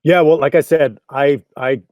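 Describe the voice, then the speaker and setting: A man's voice: a little high, steady tone, moderate pace, a little mellow, dry recording, clean studio sound. A man with a Canadian accent, a game composer chatting in an interview, enthusiastic and rambling, laughing often. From England, Cornwall. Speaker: video game composer and voice director. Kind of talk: casual interview chat.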